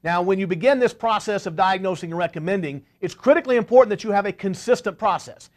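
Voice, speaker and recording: A man's voice: high voice, quick pace, soft background music. A man giving a motivational sales training talk to service contractors, telling stories emphatically and often checking in with "right?". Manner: emphatic storyteller, tags points with "right?".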